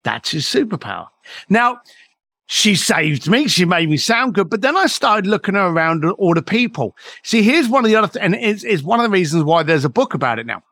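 A man's voice: sits high, big pitch swings, brisk, fairly bright tone, no room sound, clean studio sound. A middle-aged man, a podcast guest telling motivational stories in an emphatic way and swearing freely. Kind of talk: motivational storytelling.

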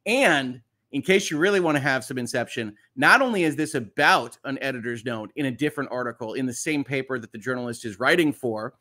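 A man's voice: fairly high pitch, bright, forceful tone. A middle-aged man, hosting a casual morning live stream in an upbeat, chatty way with many fillers. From United States. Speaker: host.

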